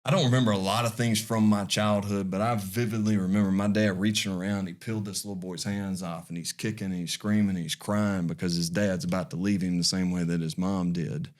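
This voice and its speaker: A man's voice: sits low, fairly even intonation, brisk, few pauses. A man in his forties, a podcast guest, telling a heartfelt personal story in an earnest, folksy way, often restarting his phrases. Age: 40s.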